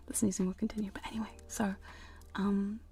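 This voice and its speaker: This ASMR streamer whispers softly through a studio condenser mic, rambling and giggling as she reads her chat. She has a mid-range voice with a level tone and moderate pace.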